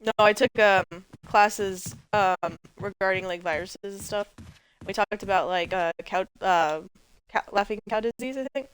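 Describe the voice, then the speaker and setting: A woman's voice: mid-range voice, a little slow, slight background noise, rough recording. A woman giving let's play commentary as a gaming host, chatty and jokey and rambling as she plays.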